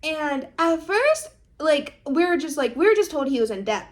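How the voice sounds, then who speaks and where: A young woman in her twenties chatting casually as she recaps a drama episode, gushing and dramatic, full of fillers and quick asides to the listener, sometimes acting out characters' lines. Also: high-pitched, very animated. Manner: talks fast with lots of fillers and asides to the listener.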